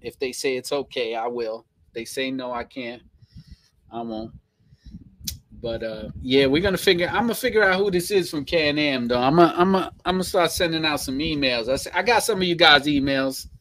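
Slangy Brooklyn man, higher voice. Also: fairly quick, rough recording. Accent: Brooklyn, New York. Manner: slangy, animated, laughs often. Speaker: live stream host. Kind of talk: casual live-stream chat reading viewer comments.

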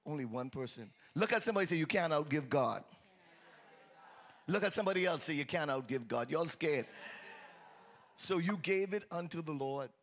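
In a church sanctuary, a man with a slightly high voice preaches a lively sermon at a moderate pace, pausing often. He teases his congregation in a sing-song, exuberant style, calling out for their responses as a faint crowd sounds behind him.

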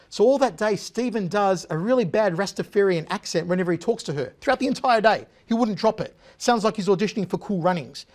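A middle-aged man telling a comic anecdote as a guest on a talk show, animated and chatty. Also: high-pitched. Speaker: guest, former TV interviewer. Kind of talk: casual storytelling anecdote.

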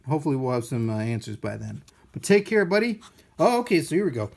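A man hosting a casual live-stream unboxing, excitable and playful, gushing over his finds and joking with viewers. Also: mid-range voice, fast, gravelly. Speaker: unboxing video host.

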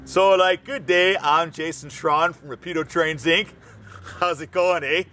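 A man's voice: on the high side, animated, fast talker, a bit bright, a little hiss or hum. A man putting on a folksy, rambling stereotype of a Canadian guy who drawls and ends his lines with "eh".

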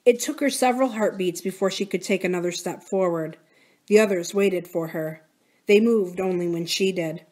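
Woman reading a children's novel aloud. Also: medium pitch. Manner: expressive, dramatic read-aloud. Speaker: library storytime reader.

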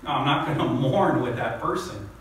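A man's voice: mid-range voice, lively intonation, normal speed, fairly bright tone, far from the mic. A male pastor preaching a sermon, rising to emphatic peaks and often asking "right?" as he talks. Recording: echoey hall, speaker off-mic.

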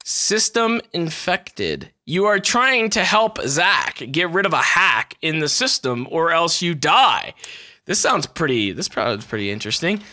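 A man giving let's-play commentary, excitable, yelling, swearing and laughing as he plays. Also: fairly high pitch, a little slow. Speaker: gaming YouTuber. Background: game music.

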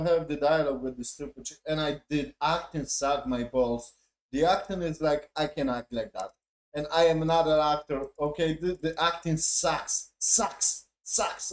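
A man reviewing a show in a profane, mocking, exasperated casual rant. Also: on the high side. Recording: echoey room.

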